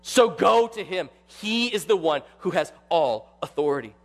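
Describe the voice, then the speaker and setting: A male pastor preaching a sermon with animated delivery, acting out quoted voices. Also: high voice, moderate pace, in a large hall.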